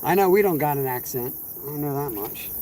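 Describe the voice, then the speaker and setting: A man with a fairly high, darkish-toned voice talks a little fast with lively intonation. As he fishes outdoors on a livestream, he rambles casually and answers questions from viewers in the chat. Crickets and other insects are audible.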